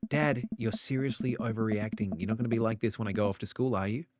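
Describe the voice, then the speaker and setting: A man's voice: fairly low pitch, quick pace, darkish tone, dry recording, lightly acted. A man reading the lines of a sassy teenage girl in a game, with a dry, offhand manner. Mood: dismissive. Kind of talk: reading game dialogue aloud.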